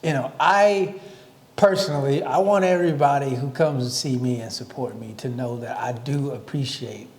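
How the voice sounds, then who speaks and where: A man's voice: medium pitch, moderate pace. A man co-hosting a podcast, telling stories from his tours in a casual, reflective way with some swearing. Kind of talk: casual chat. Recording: echoey room.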